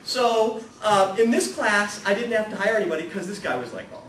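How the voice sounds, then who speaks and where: Man, spiritual talk, lively storytelling, acts out voices, high-pitched, noisy far-off recording. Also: a little fast. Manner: animated, humorous, acts out the people in his stories, swings from hushed to loud. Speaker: guest speaker at a spirituality talk series. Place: hall with a live audience. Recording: echoey room, voice from far off, audible noise.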